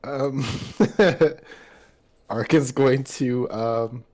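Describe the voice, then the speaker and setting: Slow, hesitant male tabletop player. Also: mid-range voice, darkish tone. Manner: hesitant, laughing, full of fillers. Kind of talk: casual tabletop play.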